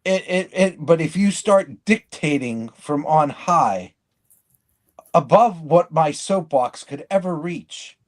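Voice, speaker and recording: A man's voice: on the high side, expressive, slow. Rambling, blunt man on a podcast. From living in Michigan. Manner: rambling, blunt, self-interrupting. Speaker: podcast co-host. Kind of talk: casual chat.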